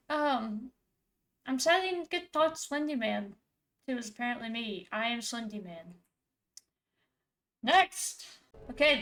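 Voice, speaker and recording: A woman's voice: on the high side, a bit bright. A woman streamer giving sarcastic, exclaiming let's-play commentary, swearing freely. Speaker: gaming streamer.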